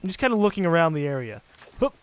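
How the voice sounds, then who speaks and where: A man with a central North American accent, giving casual let's play commentary, excitable and swearing freely. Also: a little high, rapid-fire. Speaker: gaming commentator.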